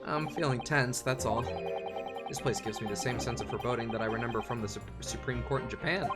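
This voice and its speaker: A man's voice: medium pitch, fast, over loud music, close to an everyday voice. A man voicing a nervous, wry young Japanese male defense lawyer in a fan voice-over of a game. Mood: uneasy. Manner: anxious and wry.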